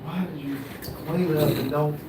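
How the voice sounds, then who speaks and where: A man co-hosts a casual livestream, blunt and teasing, with a slightly high voice. He sits away from the mic, so his voice sounds distant and echoey. A faint noise runs under it. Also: steady tone, moderate pace. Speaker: co-host. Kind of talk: casual live chat.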